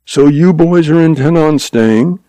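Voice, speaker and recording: A man's voice: on the high side, measured pace, warm tone, no room sound, pitched above the performer's own voice, natural voice. A man putting on a drawling, mocking gunslinger. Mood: taunting. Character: cool, taunting male Old West gunfighter.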